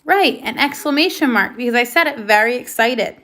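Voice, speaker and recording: Bright, lively woman teaching first grade. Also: on the high side, a little fast, faint music behind. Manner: patient, asks questions then confirms answers. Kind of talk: first grade video lesson.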